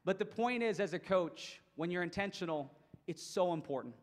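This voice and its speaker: A man with a high, bright voice delivers an energetic keynote to coaches, pressing his points with emphatic repetition. His voice carries a long reverb, as if in a large hall. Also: normal speed. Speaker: motivational speaker for coaches. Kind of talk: keynote presentation.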